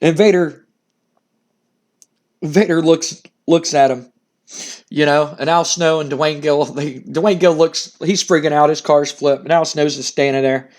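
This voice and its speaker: A man's voice: on the high side, fairly even intonation, normal speed, a little mellow. A man casually narrating a wrestling simulation game, rambling, cursing and chuckling as he goes. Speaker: game streamer.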